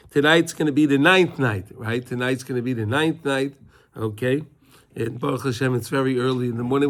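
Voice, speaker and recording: A man teaching a casual Torah class to students, talking conversationally and repeating himself, often checking in with "right?". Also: mid-range voice.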